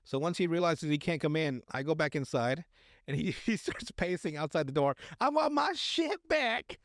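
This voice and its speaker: A man's voice: a little high, brisk, dry recording, studio quality. A man hosting a podcast, telling a story in casual, crude chat full of fillers and restarts. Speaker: podcast host.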